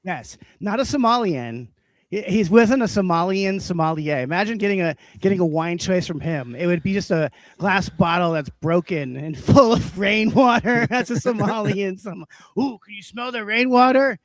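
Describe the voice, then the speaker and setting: A man co-hosting a livestream rants, swears and laughs often while telling stories in casual comedic chat. His high-pitched voice is animated and moves at normal speed, with no echo.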